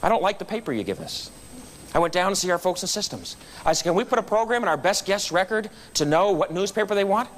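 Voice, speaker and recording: A man's voice: sits high, quick pace, slight background noise. A man giving a storytelling speech at a club meeting, acting out the voices of people in his anecdotes. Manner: animated storyteller acting out quotes. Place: meeting room.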